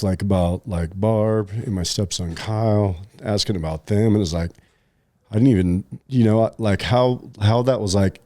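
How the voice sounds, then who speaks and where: Deep, mellow-voiced man telling a story. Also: no echo, studio quality. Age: middle-aged. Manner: rambling, many fillers and restarts. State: choked up. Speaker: podcast co-host. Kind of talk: casual storytelling chat.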